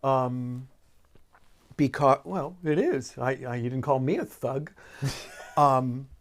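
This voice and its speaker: A man from Boston, a guest in a casual conversation, telling theatre stories with frequent restarts. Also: medium pitch. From Boston, USA. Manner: storytelling with halting restarts. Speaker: guest recalling theatre production.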